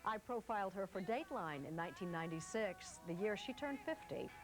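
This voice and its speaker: A woman TV news correspondent narrating a profile in a measured, polished scripted style. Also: mid-range voice, animated, faint music behind, low-quality recording.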